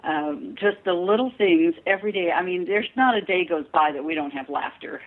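A woman's voice: on the low side, normal speed. A woman guest chatting in an interview, telling stories in a chatty way and laughing often. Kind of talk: casual interview chat. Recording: tinny phone line.

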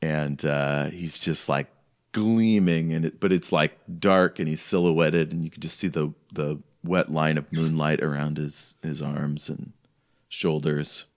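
A man with a low, deep voice narrates as game master in a tabletop role-playing session. He talks casually, rambling and leaning on "like" as he sets each scene. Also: fairly even intonation, unhurried. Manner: casual, rambling, heavy use of "like".

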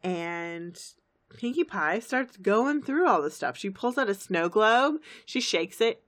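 A woman's voice: mid-range voice, takes it slowly. A woman co-hosting a podcast, chatting and giggling as she recaps a cartoon episode. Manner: chatty, giggly, lively retelling. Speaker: podcast co-host.

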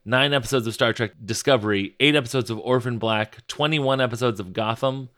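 A man co-hosts a casual podcast in a plain, mid-pitched voice. He mostly chimes in with short agreements, then rattles off cast credits in a steady list. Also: fairly quick. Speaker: podcast co-host. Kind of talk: casual chat.

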